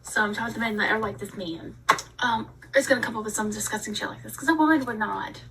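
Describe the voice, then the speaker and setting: A woman rants about books in a lively, storytelling manner, her voice bright and a touch high. She sits back from the mic, so she sounds a little distant. Faint ambience runs underneath. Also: fast, a little hiss or hum. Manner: animated storytelling with dramatic asides. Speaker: book reviewer vlogger. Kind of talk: casual rant.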